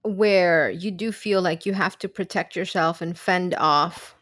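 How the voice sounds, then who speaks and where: A woman's voice: fairly low pitch, measured pace, a bit bright, dry recording. Reflective woman guest, dry sound. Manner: reflective, searching for words with restarts. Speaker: podcast guest. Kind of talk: casual podcast conversation.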